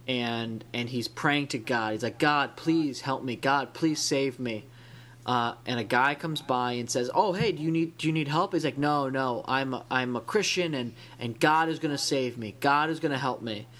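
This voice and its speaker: A man's voice: medium pitch, normal speed, fairly bright tone. Thoughtful rambling man co-hosting a podcast. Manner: thoughtful, rambling, many restarts. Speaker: podcast co-host. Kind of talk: casual discussion.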